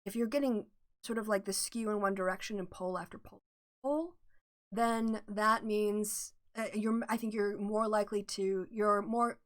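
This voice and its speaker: A woman's voice: mid-range voice, a bit bright. A middle-aged woman hosting a casual livestream, talking through polling in a chatty, analytical way and greeting her viewers. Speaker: livestream host. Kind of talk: casual political livestream chat.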